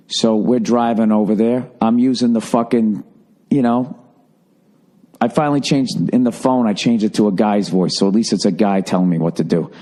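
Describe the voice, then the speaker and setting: A man's voice: fairly low pitch, a little mellow. A man hosting a solo podcast, telling a rambling story full of profanity and self-mocking asides. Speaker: podcast host.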